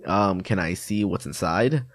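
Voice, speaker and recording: A man's voice: low voice, measured pace, no room sound, studio quality, pitched below the performer's own voice. A man playing a stern cop. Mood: questioning. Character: stern male police officer, adult, lecturing.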